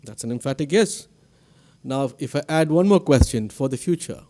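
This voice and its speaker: A man's voice: medium pitch, animated, normal speed, mellow. A man with an Indian English accent giving a formal convocation address as institute director, asking the audience questions, recorded at a podium mic in a ceremony hall. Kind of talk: formal commencement speech.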